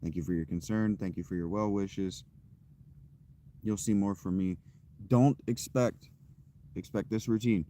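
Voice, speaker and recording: A man's voice: fairly low pitch, steady tone, measured pace, long pauses, warm tone. A man streamer chatting casually to his audience, candid and rambling, often poking fun at himself. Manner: candid, rambling and self-deprecating. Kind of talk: casual chat to a live audience.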